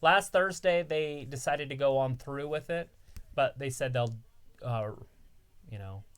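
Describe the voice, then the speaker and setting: A woman's voice: rumbling low, measured pace, smooth. A woman co-hosting a live stream, chatting casually and teasingly about wrestling. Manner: teasing, offhand.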